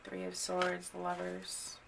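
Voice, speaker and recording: A woman's voice: lowish voice, monotone, slow pace, creaky, background noise. A young woman giving a casual tarot reading to camera, chatty with lots of fillers and turning blunt and sweary. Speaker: tarot reader.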